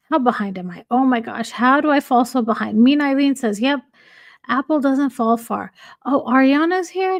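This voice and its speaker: Woman streamer chatting w her viewers, laughs a lot, high voice, super dry close mic. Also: no echo. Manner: reads comments aloud with frequent laughter. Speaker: livestream host. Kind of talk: casual livestream chat, reading viewer comments.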